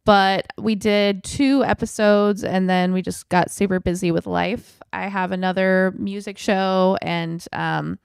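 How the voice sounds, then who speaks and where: A woman's voice: medium pitch, fairly even intonation, measured pace, vocal fry, hardly any pauses, smooth, dry recording, clean studio sound. A woman co-hosting a podcast, chatting casually, laughing often and trailing off into fillers. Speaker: podcast co-host.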